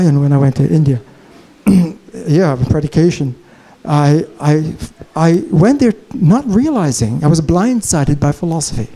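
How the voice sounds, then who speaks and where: A man giving a conference keynote lecture, telling a story in an animated, digressive way. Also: fairly high pitch, poor audio. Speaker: keynote speaker. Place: conference hall, Chicago.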